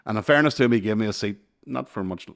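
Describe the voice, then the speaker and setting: Speaking fast in a low, creaky voice, a man in his thirties spins a long comic story as a podcast co-host. He's animated throughout, curses frequently, and breaks into laughter mid-story.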